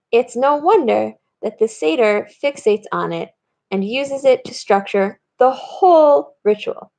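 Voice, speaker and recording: A woman rabbi and teacher with a fairly high, creaky voice gives a recorded teaching talk. She explains steadily and reads verses aloud.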